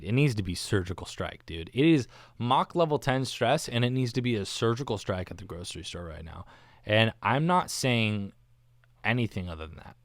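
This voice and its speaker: A man's voice: mid-range voice, dry recording, studio quality. A man hosting a solo podcast, rambling casually with a slangy, self-mocking manner. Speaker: podcast host. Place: recorded alone, not live. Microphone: studio microphone.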